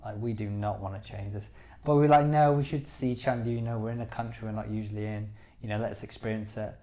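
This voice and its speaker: Man, casual podcast chat, rambling, low voice, dark mellow tone. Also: steady tone, fast talker. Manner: rambling, many "you know"s, enthusiastic. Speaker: podcast co-host.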